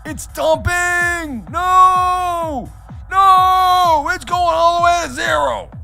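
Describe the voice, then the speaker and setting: A man's voice: on the high side, a little fast, natural voice. A man putting on a panicking small-time crypto trader, shrieking and frantic about a crash, over faint background music. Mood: panicked.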